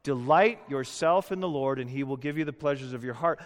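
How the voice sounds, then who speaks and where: A man preaching a sermon, emphatic and conversational, building to loud rhetorical questions. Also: a little high, lively intonation, moderate pace. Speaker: pastor. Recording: long hall reverb.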